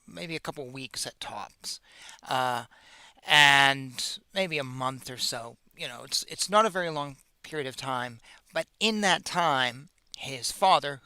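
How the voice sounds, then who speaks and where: A man's voice: medium pitch, pushed and bright, no echo. A man hosting a show, retelling an ancient epic in a casual, slangy, joking way. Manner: slangy, joking, with playful asides. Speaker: host. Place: in America.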